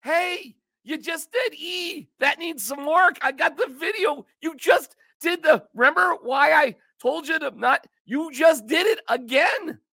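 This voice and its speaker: A man voicing an exasperated male store boss who scolds a worker in a raised, shouting voice. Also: very high voice, animated, measured pace, vocal fry, few pauses, dry recording, pitched above the performer's own voice, exaggerated voice.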